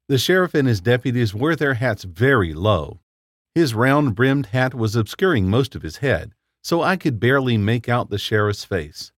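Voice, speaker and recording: A man reading a first-person horror story aloud in a measured, dramatic storytelling manner. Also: mid-range voice, no echo, studio quality.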